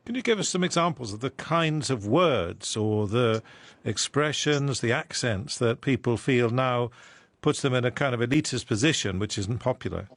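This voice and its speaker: Brisk male interviewer, dry sound. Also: medium pitch, lively intonation, no room sound. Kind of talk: radio interview.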